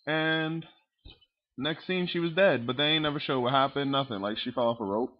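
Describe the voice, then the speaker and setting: A vlogger talks to his webcam in a medium-pitched voice at a moderate pace, and the recording sounds muffled. He rants casually about movie scenes, swearing a lot and acting out the characters in an animated way.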